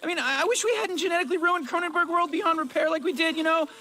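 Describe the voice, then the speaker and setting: A jittery cartoon teen boy, with a very high, bright voice. He stammers and gets flustered easily, and he always sounds on edge. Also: fast, a little hiss or hum. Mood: wistful. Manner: nervous, stammering. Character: anxious teenage boy sidekick, easily flustered. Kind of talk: cartoon voice acting.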